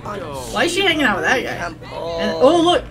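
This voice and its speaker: Foul-mouthed woman yelling at her game. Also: mid-range voice, big pitch swings, moderate pace, over music. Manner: profane, yells at the game characters; rambling, self-interrupting. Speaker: streamer playing a life-sim game. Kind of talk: casual gameplay commentary.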